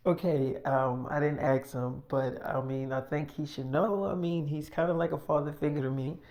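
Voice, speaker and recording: A man voicing a tired, pregnant young wife in a hushed, breathy voice, in freestyle role-play storytelling. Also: on the high side, steady tone, normal speed, close to an everyday voice. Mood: tired soft.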